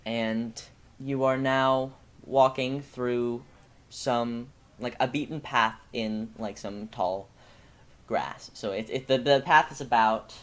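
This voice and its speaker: Halting man running a tabletop game. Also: mid-range voice, fairly even intonation, a bit bright. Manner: halting, full of ums and restarts. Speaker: game master.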